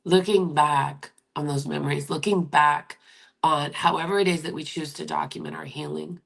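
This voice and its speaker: Woman, 50s, live-stream host; gravelly, husky delivery, gentle and encouraging, often near a whisper. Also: low-pitched, steady tone, normal speed. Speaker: livestream host. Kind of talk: live-stream chat reading viewer comments.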